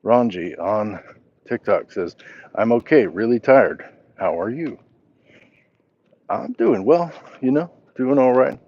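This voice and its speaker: A man's voice: medium pitch, expressive, takes it slowly, long pauses, highs cut off. A man hosting a casual walk-and-talk livestream, reading chat messages aloud and answering them as he walks. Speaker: livestream host.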